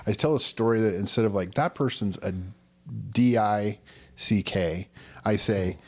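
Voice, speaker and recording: A man's voice: lowish voice, fairly even intonation, normal speed. A man in his thirties co-hosting a podcast, telling a personal story in a rambling, earnest way. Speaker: podcast co-host. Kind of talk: casual storytelling chat.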